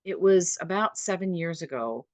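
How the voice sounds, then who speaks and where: A woman's voice: lowish voice, lively intonation, normal speed, a little mellow, no room sound. A woman in her sixties, a podcast guest, retelling her own caregiving story in vivid, dramatic short sentences. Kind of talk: personal storytelling.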